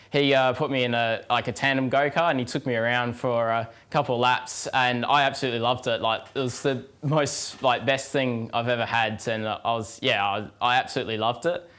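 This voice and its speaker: A man's voice: mid-range voice, a bit bright, clear, resonant tone. A teenage man with an Australian accent, a guest driver answering interview questions in a hesitant way with lots of fillers. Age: teens. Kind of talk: casual interview.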